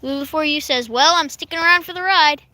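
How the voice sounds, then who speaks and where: A woman's voice: sits high, quick pace, bright, forceful tone. A woman with a Kentucky accent hosting a casual livestream outdoors on a horse farm, reading viewer comments aloud and giggling as she chats. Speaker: livestream host reading chat. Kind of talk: casual live-stream chat.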